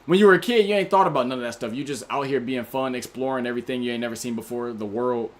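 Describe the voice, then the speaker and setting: A man's voice: mid-range voice, quick pace. Slangy casual male livestreamer. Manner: reads out viewers' names, chatty and slangy. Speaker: livestream host.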